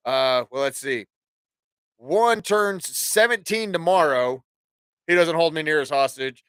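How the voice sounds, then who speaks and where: A man in his forties with a high, bright voice delivers a rambling, swear-heavy rant as a talk show host. The sound is dry and close, with no room echo. He jumps from one opinion to the next in a loose, casual way. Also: smooth. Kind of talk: casual ranting monologue.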